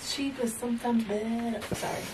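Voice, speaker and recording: A woman's voice: on the high side, fairly even intonation, normal speed, distant mic, background noise. A woman chatting casually in a home vlog, rambling and laughing often as she shows off her purchases. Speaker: fitness vlogger showing purchases. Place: at home, indoors.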